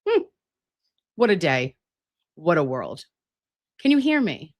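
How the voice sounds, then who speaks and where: A woman's voice: on the low side, very animated, slow pace, no room sound. A woman hosting a casual livestream from home at her laptop, chatty and profane, calling her viewers lovies and babes. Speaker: livestream host. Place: home, at a laptop with air conditioning running. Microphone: laptop setup.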